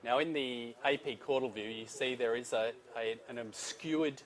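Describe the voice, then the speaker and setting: A man with an Australian accent, the operating doctor, explaining a live procedure in a relaxed, explanatory way with frequent hesitations. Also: mid-range voice, moderate pace. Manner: self-deprecating, explanatory, frequent fillers. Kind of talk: live case commentary.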